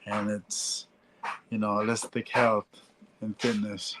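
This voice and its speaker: A man in his forties with a Jamaican accent, talking casually as an interview guest, halting and often repeating "you know". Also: on the low side, little pitch movement, very noisy. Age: 40s. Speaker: guest, former heavyweight boxer.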